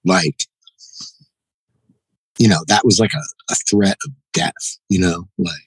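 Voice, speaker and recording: A man being interviewed on a podcast, telling stories in a halting, reflective way. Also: low-pitched, slightly rough, no room sound, low-quality recording. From United States. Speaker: podcast guest, jiu-jitsu black belt. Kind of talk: casual interview, storytelling.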